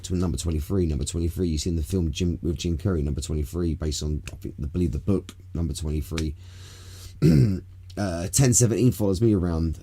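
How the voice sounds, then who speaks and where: A man's voice: sits low, a little fast, mellow, slight background noise. A British man co-hosting a podcast in casual, rambling chat, laid-back and swearing freely. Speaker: podcast co-host. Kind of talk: casual chat on a live smoke session.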